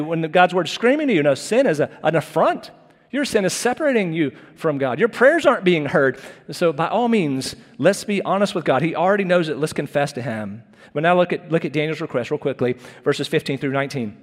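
A man's voice: fairly high pitch, lively intonation, a little fast, long reverb tail. A man preaching an earnest, conversational sermon as pastor, often restarting his phrases.

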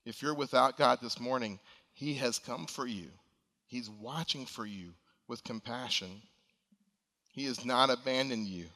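Speaking at medium pitch and a measured pace, a pastor delivers an earnest, pleading sermon in a bright, forceful voice that climbs into emphatic appeals. His words carry through the church sanctuary, followed by a long reverb typical of a large hall.

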